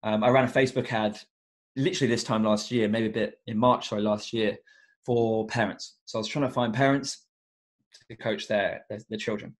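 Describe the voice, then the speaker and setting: A man's voice: lowish voice, fairly even intonation, a little fast. A young man who works as an education coach, talking earnestly and reflectively as a guest on a podcast, with many fillers. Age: young adult. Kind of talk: casual podcast interview.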